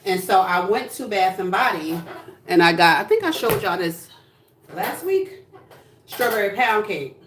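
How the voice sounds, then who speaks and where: Blunt, sassy woman livestreaming, mid-pitched, standing back from the mic in an echoey room. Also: big pitch swings, measured pace, far from the mic, slight background noise. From New Jersey. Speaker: livestream host. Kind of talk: casual livestream chat. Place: home room, indoors.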